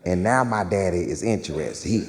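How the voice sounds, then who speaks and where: A man's voice: deep voice, expressive, normal speed, in a large hall. A male stand-up comedian telling a story on stage, loose and slangy, checking in with the crowd.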